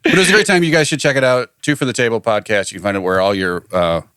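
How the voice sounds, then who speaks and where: A middle-aged man co-hosting a podcast in casual chat, animated and laughing at himself. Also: mid-range voice, rapid-fire, clean tone, dry recording, studio quality. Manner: animated, laughing, self-mocking. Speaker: podcast co-host.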